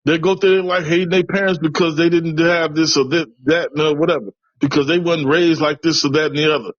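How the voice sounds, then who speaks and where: A man's voice: a little high, steady tone, a little fast, no echo, highs cut off. A middle-aged man from Chicago telling a personal story in an interview, in an earnest way, with many restarts. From West side of Chicago. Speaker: interviewee, tradesman.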